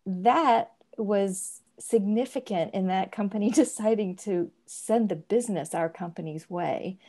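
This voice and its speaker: A woman on a video call telling a workplace story in a halting, amused way. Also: medium pitch, mellow. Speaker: audience member asking a question.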